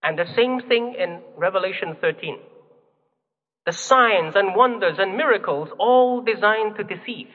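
Male preacher, high-pitched, deliberate and emphatic, recorded in a hall with long echo. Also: expressive. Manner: measured, emphatic teaching with rhetorical questions. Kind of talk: sermon. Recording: phone-like, long hall reverb.

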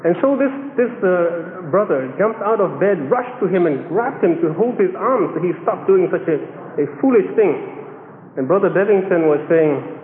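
A man preaching a sermon, telling a story with lively acted-out quotes and chuckles. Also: high-pitched, moderate pace. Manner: animated storyteller, acts out quoted voices with chuckles. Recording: echoey hall, phone-like band.

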